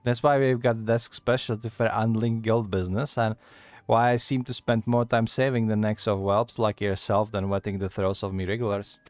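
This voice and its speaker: A man voicing a gruff, worldly male tavern keeper, reading the lines haltingly and stumbling over the dialect. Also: on the low side, flat delivery, darkish tone, no room sound, lightly acted.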